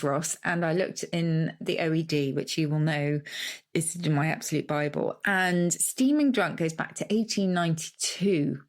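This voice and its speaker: A woman co-hosting a podcast, reading listener letters and explaining word origins with enthusiasm. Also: deep voice. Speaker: podcast co-host, word expert. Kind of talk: casual chat.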